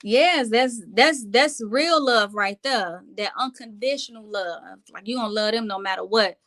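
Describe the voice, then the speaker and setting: Woman vlogger, live-stream chat from home, higher voice with a bright, forceful edge, reflective and talks straight to viewers. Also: measured pace.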